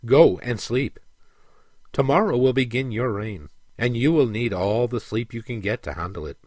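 A man voicing an old, dying dwarf king who speaks firmly and commandingly, in a measured, slow delivery. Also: mid-range voice, animated, dry recording, studio quality, lightly acted. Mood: stern commanding. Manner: firm, declarative, louder than the narration. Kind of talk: audiobook character reading.

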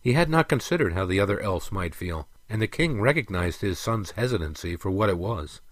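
A man narrating a fantasy audiobook in a steady, even storytelling manner. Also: lowish voice, fairly quick, no echo.

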